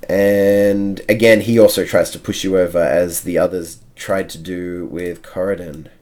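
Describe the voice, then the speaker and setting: A man's voice: low voice, fairly even intonation, a little slow, darkish tone. A man running a tabletop game as game master, narrating the action and counting out moves step by step.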